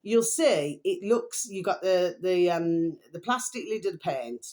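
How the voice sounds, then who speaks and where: A woman's voice: lowish voice, lively intonation, a little slow, a little mellow. A woman in her fifties from England, talking to her viewers in a meandering monologue full of pet phrases and restarts. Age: 50s. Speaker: vlogger.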